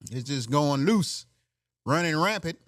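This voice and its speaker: A podcast host with a somewhat high, lively voice talks a little slowly in clean studio sound with no echo. His casual comedic monologue is brash and joking, and he laughs at his own bits in frequent asides.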